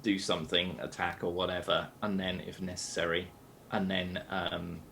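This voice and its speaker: A man's voice: low-pitched, level tone, moderate pace, creaky, sharp tone, slight background noise. A British man playing a tabletop game, thinking aloud with lots of hesitant fillers. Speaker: player.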